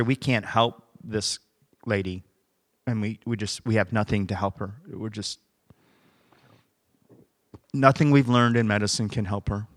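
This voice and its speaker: A man's voice: medium pitch, pushed and bright, no echo, studio quality. A man, a pastor, preaching by telling a story and acting out the dialogue as he goes. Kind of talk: sermon storytelling.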